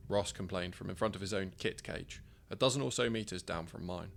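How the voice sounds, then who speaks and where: A man's voice: low-pitched, fairly quick, vocal fry, hardly any pauses. A man narrating his own first-person short story in a wry, conversational way.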